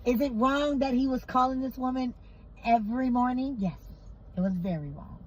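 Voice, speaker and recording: A woman telling a personal story in a casual storytime, emphatic and animated, repeating phrases for effect. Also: sits high, moderate pace, lo-fi sound, a little hiss or hum.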